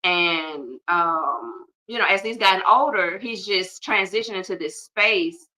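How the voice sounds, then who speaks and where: A woman's voice: fairly low pitch, a little slow, pushed and bright, distant mic, rough recording. A middle-aged woman hosting a podcast, talking casually and emphatically with joking asides. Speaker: podcast host. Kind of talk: casual heartfelt talk.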